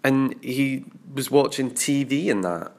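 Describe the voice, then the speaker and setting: A man recording a confessional audio diary, expressive and sweary, mimicking sounds and other people's voices as he recounts events. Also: mid-range voice, a little slow, vocal fry. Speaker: diarist.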